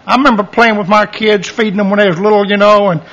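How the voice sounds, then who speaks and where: Folksy gravel-voiced male preacher. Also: high-pitched, quick pace. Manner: folksy, animated preaching with many restarts. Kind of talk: sermon. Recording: dull lo-fi sermon recording.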